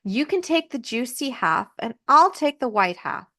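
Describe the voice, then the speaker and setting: A disguised wicked queen posing as a kindly old peddler woman, all fake sweetness and coaxing charm. Her voice climbs high and sugary as she tempts. A woman acts her out while retelling a fairy tale. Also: sing-song, moderate pace, pushed and bright. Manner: falsely kind, coaxing.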